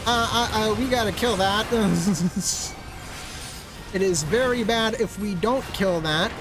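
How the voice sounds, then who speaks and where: A man's voice: high-pitched, takes it slowly, music in the background. A man streaming a video game, giving casual joking commentary as he plays. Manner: playful, joking.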